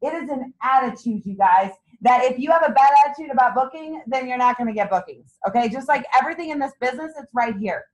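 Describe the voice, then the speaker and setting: A woman's voice: sits high, expressive, fast, few pauses, poor audio. A woman leading a sales meeting, giving a bubbly motivational talk to a small group and laughing often. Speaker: team leader running a sales meeting.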